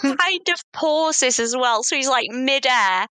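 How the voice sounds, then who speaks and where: A woman's voice: high voice, expressive, a little slow, pushed and bright, dry recording. A woman co-hosting a casual film chat, teasing her co-host and swearing casually. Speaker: podcast co-host.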